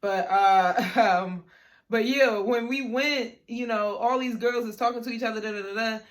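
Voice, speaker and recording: A woman's voice: on the high side, fairly even intonation, moderate pace. A young woman vlogger telling a personal story in a casual storytime, chatty and slangy with lots of "like" and "you know".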